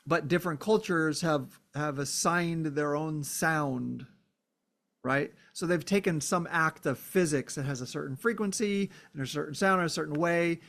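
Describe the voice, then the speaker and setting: A man with a somewhat high voice talks through a philosophical idea in a reflective solo podcast. He thinks aloud, with fillers and many "right?" checks. Now and then he acts out short exclamations. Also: vocal fry. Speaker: podcast host.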